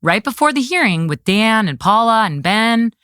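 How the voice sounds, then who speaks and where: A woman's voice: a little high, very animated, moderate pace, a bit bright, smooth, dry recording, studio quality. A woman guest in an interview, telling a story with emphasis and often saying "like" and "I go" as she retells a confrontation. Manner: acts out others' lines in her retelling, emphatic; frequent "like" and "I go" in speech.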